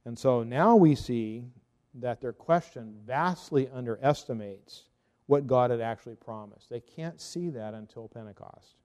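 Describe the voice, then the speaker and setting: A man giving a theology talk as a Reformed pastor, arguing earnestly and firing off rhetorical questions. His voice is mellow and warm. It trails off in a hall with a long reverb. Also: medium pitch.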